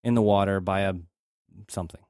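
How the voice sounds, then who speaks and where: A man's voice: low voice, fairly even intonation, a little fast, a little mellow, clear, resonant tone, no echo, studio quality. A man co-hosting a podcast, casually recapping a movie and acting out lines in jokey voices. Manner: laid-back, acts out lines in jokey put-on voices. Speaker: podcast co-host.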